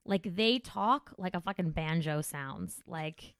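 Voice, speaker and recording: A woman comedian hosting a casual podcast chat, crude and animated, swearing freely. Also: on the low side, takes it slowly, no room sound, clean studio sound.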